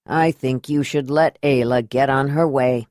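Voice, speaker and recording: Lady reading as a quiet protective guy, low, measured, polite. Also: fairly even intonation, dry recording, studio quality.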